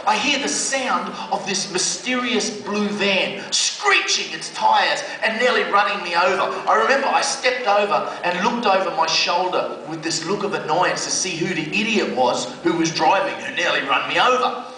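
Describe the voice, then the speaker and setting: A man's voice: sits high, animated, moderate pace, bright, forceful tone, heavy reverb, far from the mic, low-quality recording. A man from Australia with an Australian accent, telling a comic, slangy personal story as a speaker giving a testimony. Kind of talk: storytelling talk.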